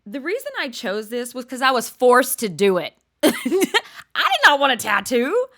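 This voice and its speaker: An older woman with a high-pitched, slightly slow voice hosts a podcast, telling stories in a casual, chatty and animated monologue. She laughs often and drops to a hush when she wants emphasis.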